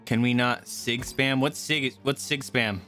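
A game streamer giving excited live commentary while playing, swearing often and squealing and yelping at the action. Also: medium pitch, unhurried. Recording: loud game music behind the voice.

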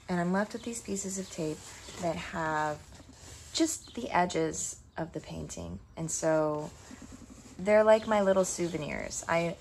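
Woman, low voice, very slow unhurried talk, faint room hum, crafting vlog, lots of ums. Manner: slow, soft-spoken, with many ums and pauses. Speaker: art vlogger. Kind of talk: casual reflective talk while crafting. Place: sitting on the floor indoors.

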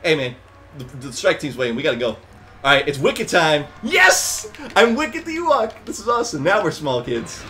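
A young man giving casual, excitable gameplay commentary with friends, swearing, laughing and breaking into loud outbursts. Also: medium pitch, brisk. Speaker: gaming commentator.

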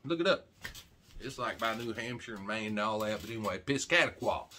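A folksy, joking middle-aged man from Arkansas, rambling to camera like he's talking to a buddy. His voice sits low but sounds bright and forceful, and he keeps tossing in "man" as he goes. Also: brisk, slight background noise. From Arkansas, USA. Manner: folksy, jokey, talks straight to camera with a lot of "man". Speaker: channel host. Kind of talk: rambling casual vlog talk.

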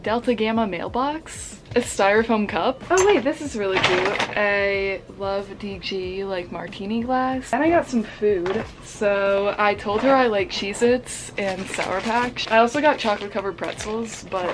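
A woman's voice: medium pitch, a little slow, hardly any pauses, background noise. A nineteen-year-old woman talking casually to her camera as a college vlogger, chatty and full of "like" fillers, recorded on a phone around campus and in her car. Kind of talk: casual vlog talk to camera. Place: campus spots, car and courtyard.

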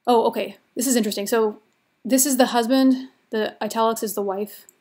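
Chatty woman lecturer, fairly high voice. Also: fairly even intonation, fairly quick, darkish tone. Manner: chatty, informal, many "like" and "kind of" fillers. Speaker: literature lecturer. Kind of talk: recorded online lecture.

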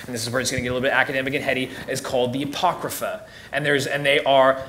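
A man's voice: mid-range voice, little pitch movement, racing, a bit bright, slight background noise. A young man teaching as a youth pastor in a casual, joking way, often repeating words as he restarts sentences. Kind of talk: casual teaching talk to teens.

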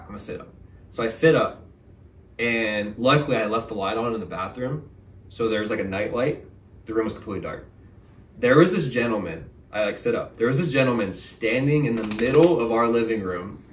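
A young man, a podcast guest, telling a story in a casual, animated way, full of slang. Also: mid-range voice. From Texas. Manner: animated, slangy, says "bro" and "like" a lot. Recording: roomy, mic at a distance.

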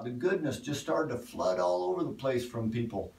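A man's voice: medium pitch, expressive, normal speed, hardly any pauses, a little mellow, far from the mic. A man preaching a folksy online sermon, talking easily with cowboy turns of phrase. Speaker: pastor. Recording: echoey room, voice from off the mic.

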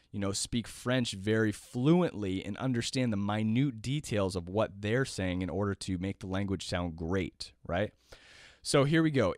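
A man's voice: lowish voice, no room sound, clean studio sound. A man teaching a jazz piano lesson in a casual, talkative way, often checking in with "right?".

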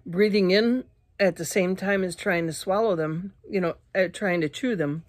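A woman vlogging casually to her viewers, out of breath and clearing her throat often, talking in halting restarts. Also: fairly low pitch, no echo. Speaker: YouTuber eating spicy candy. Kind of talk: casual vlog talk to camera.

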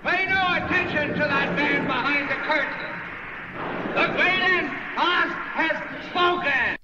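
An actor playing a grand, commanding male wizard who makes slow, pompous proclamations. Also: very high-pitched. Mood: imperious. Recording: distant echoey hall, muffled, noisy film clip.

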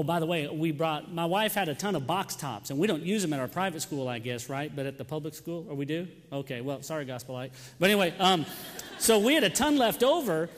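A young man with a slightly high voice serves as a youth pastor, making joking announcements and telling stories to his congregation. He's chatty and addresses people by name, and the church sanctuary gives his voice a long hall reverb.

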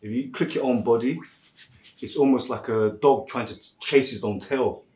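A man's voice: mid-range voice, normal speed, darkish tone. A man, a massage therapist talking casually to viewers in a laid-back way, chuckling often and calling people "man". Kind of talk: casual chat and storytelling. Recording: roomy echo.

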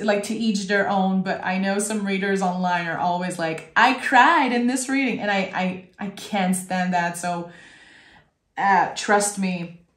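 A woman giving a tarot reading, effusive and close to tears, talking straight to the viewer. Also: medium pitch. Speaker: tarot reader. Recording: echoey room.

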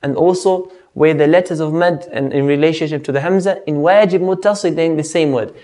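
A man teaching a tajweed lesson, patiently explaining rules and slowly demonstrating how each word of recitation should sound. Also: fairly high pitch, dark tone. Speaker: Quran teacher.

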